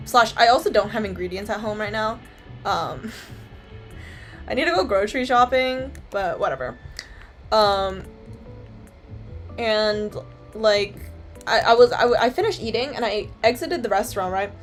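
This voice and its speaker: A woman's voice: mid-range voice, expressive, unhurried, pauses often, soft background music. A young woman from Canada, chatting casually to her stream viewers in a rambling, filler-heavy way and swearing freely.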